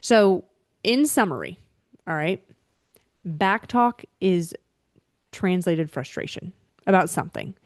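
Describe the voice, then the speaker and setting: A woman giving parenting advice as a faith-based behavior coach, teaching in an animated, emphatic way and checking in with listeners. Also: lowish voice, slow pace, pauses often, dry recording, studio quality.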